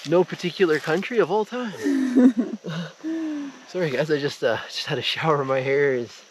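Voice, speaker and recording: A man chatting in a relaxed, playful way as a travel vlogger, recorded outdoors on an action camera. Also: on the high side, a little slow, a little hiss or hum. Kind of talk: casual chat. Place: outdoors in a rural mountain garden.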